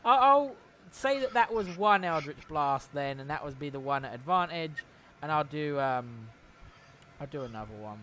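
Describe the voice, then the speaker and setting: A man's voice: on the high side, expressive, moderate pace, fairly bright tone. A man narrating as game master in a tabletop game, talking in a rambling, chatty way and correcting himself often. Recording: noisy recording.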